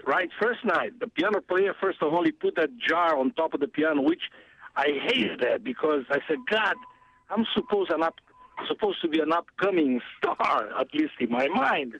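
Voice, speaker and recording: A man with a foreign accent tells a story on a talk radio show, laughing often and acting out the people in it. His voice sits high. The broadcast sound is dull and lo-fi. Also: sing-song, moderate pace, gravelly, fairly bright tone, breathy edge. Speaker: singer and radio guest.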